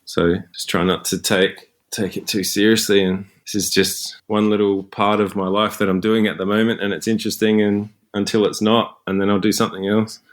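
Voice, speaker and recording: A man's voice: lowish voice, level tone, normal speed, few pauses. A man who is a scientist and podcast guest, talking in a laid-back, reflective way and chuckling now and then. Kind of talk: casual interview conversation.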